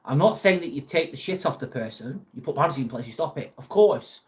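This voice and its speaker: A man's voice: mid-range voice, expressive, fairly quick. A man hosting a casual livestream, chatting bluntly with viewers and swearing freely. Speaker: livestream host reading viewer chat. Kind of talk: casual live chat.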